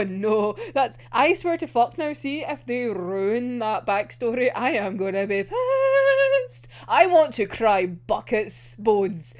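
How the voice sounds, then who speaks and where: Excitable, sweary woman vlogger. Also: fairly high pitch. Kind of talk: casual anime episode reaction.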